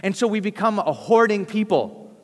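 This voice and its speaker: A man's voice: high voice, lively intonation, normal speed, big-room sound. A man preaching a sermon as pastor, conversational and storytelling, acting out quotes.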